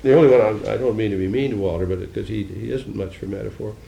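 Gravelly-voiced older man, dry wit. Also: fairly low pitch, fast talker, dark tone, roomy sound, slight background noise. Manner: dry, wry humor, musing and digressive. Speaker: senator answering audience questions. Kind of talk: political talk with audience Q&A.

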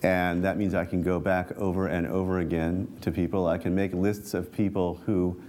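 A man, a reporter and author, reads aloud from his book at a talk with dry, wry asides, then answers questions with halting restarts. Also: sits low, little pitch movement, darkish tone, a little hiss or hum.

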